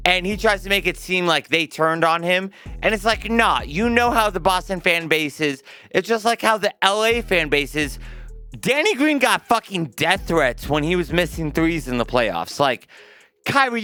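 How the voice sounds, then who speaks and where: Young guy cussing his way through a sports rant, high clear voice, faint music under it. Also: bright, forceful tone. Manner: profane, emphatic, talks to viewers like a friend. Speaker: sports commentary vlogger. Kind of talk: casual opinion rant.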